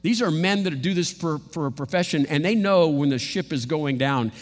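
A man preaching a sermon in a lively, animated way, often acting out what others say. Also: on the high side, moderate pace, big-room sound. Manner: animated, acts out quotes in playful voices.

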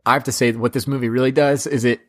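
A man's voice: medium pitch, steady tone, fast talker, a bit bright. Enthusiastic male podcast host. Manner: enthusiastic, lots of filler "like". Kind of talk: casual chat about films.

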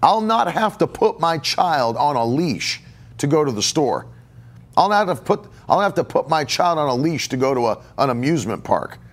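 Emphatic preacher, man, slightly high. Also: big pitch swings, moderate pace. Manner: emphatic, repeats phrases for stress; takes viewer questions live. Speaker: pastor. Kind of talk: podcast sermon.

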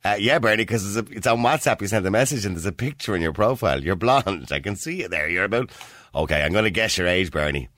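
A man's voice: fairly low pitch, lively intonation, fast, fairly bright tone, no room sound, studio quality. A man with a Dublin accent hosting a radio phone-in, chatting casually and laughing often. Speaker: radio talk show host.

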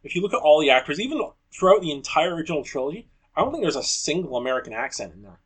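A man with a somewhat high voice co-hosting a podcast in relaxed chat. He explains his points thoughtfully and often chimes in with agreement. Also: rapid-fire, husky. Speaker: podcast co-host. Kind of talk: casual chat.

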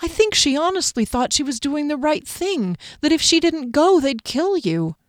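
A woman's voice: high-pitched, sing-song, no room sound, pitched above the performer's own voice. Woman doing a shaken, wounded young male elf. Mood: pleading. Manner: pleading, shaky, halting.

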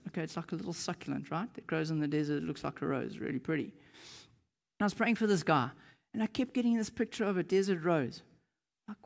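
A man preaching a sermon, telling personal stories with lively energy and loud reenacted moments. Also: high voice, normal speed, vocal fry. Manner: animated storytelling, shouting in reenactments. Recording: long hall reverb.

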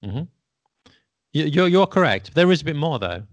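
A man's voice: fairly high pitch, big pitch swings, moderate pace, dry recording, lo-fi sound. A man hosting a casual podcast and patiently explaining English grammar, checking in with his listener. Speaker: English teacher and podcast host.

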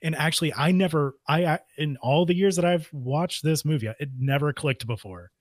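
A man's voice: fairly high pitch, moderate pace, no echo. A man in casual podcast chat, thinking aloud about a film with many restarts. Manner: thoughtful, hesitant, with many restarts and "like". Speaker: podcast co-host. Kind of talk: casual movie commentary chat.

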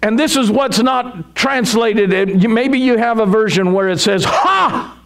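A man's voice: high voice, moderate pace. A male pastor preaching a sermon in a conversational way, often chuckling as he explains scripture.

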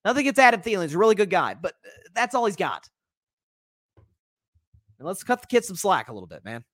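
A man with a drawl runs a solo sports talk show, rambling and animated, stumbling over restarts as he reacts to games. His voice sits a little higher than most men's. The sound is close and dry, with no room to it. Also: quick pace, no echo. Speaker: sports podcast host. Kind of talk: casual solo sports commentary reading live comments.

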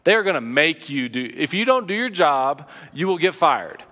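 A man's voice: on the high side, very animated, normal speed, pushed and bright, long reverb tail. A man preaching a sermon as pastor, conversational and earnest, telling personal anecdotes.

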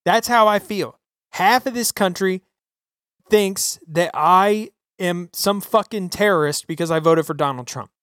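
A man hosting a podcast, ranting about politics with heavy swearing in an animated, emphatic way. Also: high voice, measured pace, clear, resonant tone, dry recording, studio quality. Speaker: podcast host. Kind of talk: profane political rant. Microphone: podcast microphone.

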